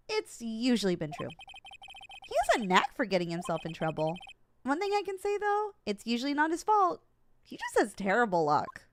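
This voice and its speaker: A woman voicing a nervous young male rookie lawyer in a video game, with a high-pitched, small, childlike voice and eager narration. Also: a little hiss or hum.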